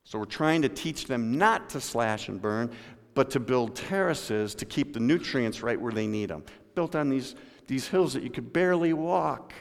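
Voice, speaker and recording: A male pastor preaching to his congregation in a church sanctuary, his voice landing at an ordinary middle pitch. He swings from loud, punchy emphasis down to quiet, intimate asides and calls on listeners by name. A long hall reverb trails behind every phrase. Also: animated, moderate pace, vocal fry. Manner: dynamic preaching, swinging from loud emphasis to low hushed tones; addresses congregation members by name. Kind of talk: sermon.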